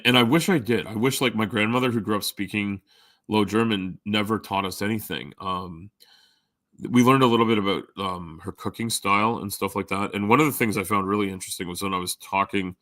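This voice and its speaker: A man's voice: on the low side, normal speed, sharp tone, no room sound, clean studio sound. A middle-aged man chatting casually with live viewers as a stream host, rambling with lots of fillers. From Canada. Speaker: livestream host.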